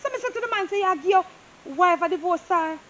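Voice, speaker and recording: A gossipy, chatty surveyor with a Jamaican accent, high and bright in pitch, played by a woman. The recording sounds a little dull and carries a faint hiss, with the feel of a low-budget drama. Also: expressive, fast talker. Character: nosy talkative female surveyor, gossipy and quick to apologise. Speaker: property surveyor.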